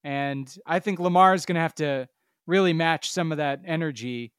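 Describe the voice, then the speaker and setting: A man's voice: a little high, normal speed, fairly bright tone, clear, resonant tone, no echo, studio quality. A man co-hosting a casual sports podcast, emphatic and mocking, swearing freely. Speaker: podcast co-host.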